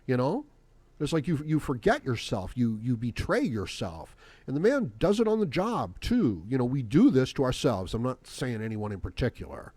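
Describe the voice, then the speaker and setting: A man's voice: medium pitch, expressive, a little fast, mellow, no room sound. A man hosting his own podcast in a rambling, profane solo monologue that is full of fillers. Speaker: podcast host.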